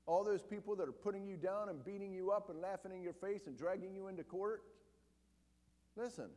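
Man, preacher, emphatic sermon delivery, animated pitch, long hall echo. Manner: emphatic, rises loud then drops very low and quiet.

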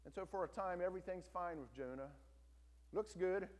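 Male pastor, emphatic storytelling sermon, fairly high voice, long hall reverb. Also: fast. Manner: storytelling, emphatic, asks the congregation to listen.

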